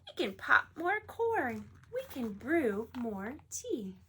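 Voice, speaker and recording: A woman voicing a small cheerful mouse who soothes a friend in a squeaky voice in a storybook reading. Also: very animated, slow, pushed and bright, slightly rough, heavily acted. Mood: soothing.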